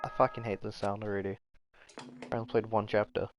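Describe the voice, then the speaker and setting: A man's voice: fairly low pitch, flat delivery, fairly quick, music in the background. A man from New Zealand on a live game stream, reading lines aloud and chatting to viewers, swearing often and stumbling over words.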